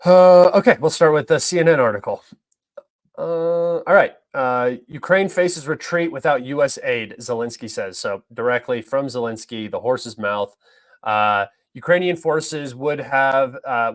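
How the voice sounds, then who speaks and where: A young man hosting a livestream, talking through news articles in an offhand, rambling, opinionated way. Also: medium pitch. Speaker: livestream host. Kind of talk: casual livestream news commentary.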